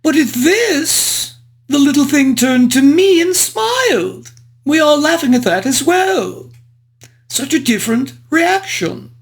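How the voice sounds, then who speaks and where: A performer doing a frivolous old-world English gentleman. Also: high-pitched, very animated, slow, full character voice. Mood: genteel. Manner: flowery old-fashioned genteel diction. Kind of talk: in-character book review narration.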